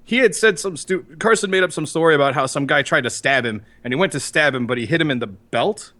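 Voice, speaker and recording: A man co-hosting a podcast in casual chat, rambling and profane, slipping into quick impressions. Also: a little high, pushed and bright. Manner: rambling, profane, mimics people. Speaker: podcast co-host.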